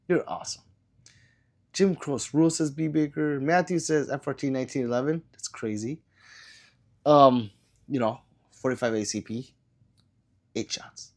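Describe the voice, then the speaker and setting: A man's voice: mid-range voice, a little mellow. A man who is sick and coughing hosts a casual livestream. He reads viewer comments aloud and answers them in a loose, rambling way, full of fillers. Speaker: livestream host.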